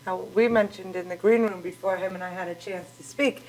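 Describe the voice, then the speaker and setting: A woman co-hosts a casual talk show and draws a guest into a story in a chatty way. Her voice sits on the low side, and faint noise is heard behind her. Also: steady tone, brisk, poor audio. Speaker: co-host. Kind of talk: casual interview chat.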